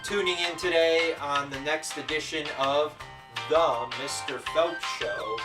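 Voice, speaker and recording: A man teaching as the host of an educational show, talking in a playful, energetic showman style with repeated greetings. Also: a little high, measured pace, over music. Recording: roomy echo, voice distant from the mic.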